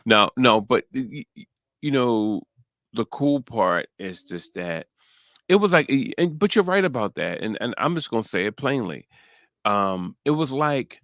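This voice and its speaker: A man co-hosting a casual podcast about a TV series, animated and given to stammered restarts. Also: moderate pace, dry recording, studio quality. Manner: animated, often slips into high-pitched quoted voices; stammers and restarts when excited. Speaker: podcast co-host. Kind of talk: casual chat reviewing a TV series.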